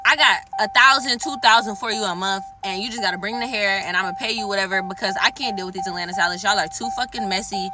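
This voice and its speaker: A woman's voice: medium pitch, fast, hardly any pauses, loud music behind the voice. A woman telling a story time to her viewers, heated and full of swearing. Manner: heated, profane and emphatic. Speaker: vlogger.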